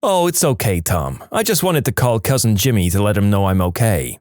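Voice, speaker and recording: A sweet, folksy man who calls a stranger cousin and means it, his voice lifting and dipping in a lively way, as a man reads him out. The sound is dry and close. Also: on the low side, a little fast, dry recording, pitched below the performer's own voice. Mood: folksy earnest.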